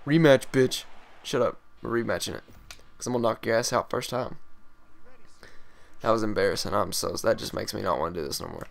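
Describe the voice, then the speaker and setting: A young man swearing and yelling while commentating his own fighting game, sometimes calming himself down. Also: fairly low pitch, fairly quick, vocal fry, pauses often. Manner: profane, yelling and groaning at the game. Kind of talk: live gameplay commentary.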